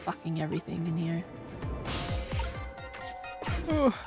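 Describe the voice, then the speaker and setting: A woman's voice: lowish voice, very animated, slow, over music. Sarcastic woman streamer, casual swearing. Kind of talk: live game commentary.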